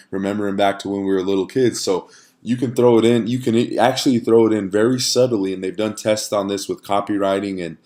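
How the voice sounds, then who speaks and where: Low-voiced man teaching casually to camera. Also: a little mellow. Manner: conversational, frequent "right?" check-ins and fillers. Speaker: online course instructor.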